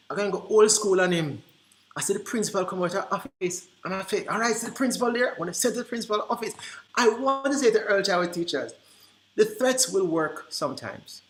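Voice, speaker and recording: A man presenting to early childhood teachers, telling classroom stories in an animated way and acting out the dialogue. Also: high voice, a little hiss or hum. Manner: animated, acts out quoted dialogue. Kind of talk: storytelling presentation. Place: conference room. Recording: roomy echo.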